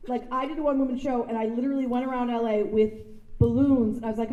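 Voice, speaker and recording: Animated woman telling stories in an echoey hall. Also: on the high side, fast, highs cut off. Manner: animated storytelling, acting out voices with laughter. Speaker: guest speaker. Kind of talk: anecdotal speech to an audience. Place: large sound stage before an audience. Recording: echoey room.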